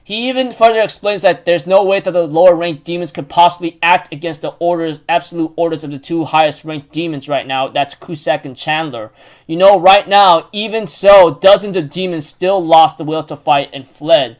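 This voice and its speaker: A man's voice: a little high, moderate pace. A man casually recapping a manga chapter, rambling with many fillers and restarts.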